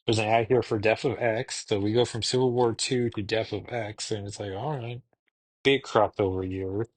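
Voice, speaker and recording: Male podcast host, lower register, dry booth sound; loose, chatty, thinks aloud. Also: steady tone, moderate pace, no room sound. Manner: rambling, thinking aloud with ums. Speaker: podcast host reviewing comics. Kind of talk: casual recap.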